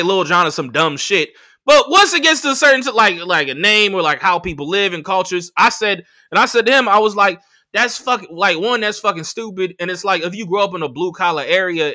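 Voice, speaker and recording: A young man rants through a story on his podcast, cursing freely and acting out each person he quotes. His voice sits high for a man. It has a very bright, sharp edge. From United States. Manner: animated, profane, acts out quoted people. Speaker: podcast host and comedian. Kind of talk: casual storytelling rant.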